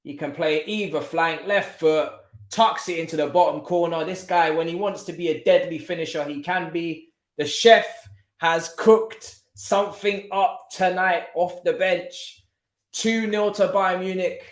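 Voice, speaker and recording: A man's voice: sits high, steady tone, unhurried. A man hosting a live stream, chatting casually and reacting to football with slang. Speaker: streamer host. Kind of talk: casual live match commentary. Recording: echoey room.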